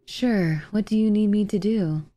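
A woman voicing a weary but obliging young cinema worker in a game, speaking in a flat, low-key way. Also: unhurried, close to an everyday voice. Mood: plain.

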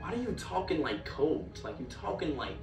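A young man being interviewed, answering in a loud, incredulous way with quick retorts. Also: fairly high pitch, very animated. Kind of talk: bewildered interview banter. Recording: roomy clip audio from a distance, music.

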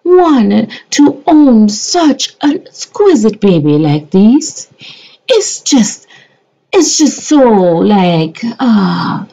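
A woman's voice: fairly high pitch, sing-song, very slow, gravelly, mellow, pitched above the performer's own voice, exaggerated voice. A woman voicing a melodramatic, gushing narrator with a theatrical, sobbing delivery. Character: melodramatic gushing woman doing a tearful, over-the-top voice-over. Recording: dull lo-fi sound.

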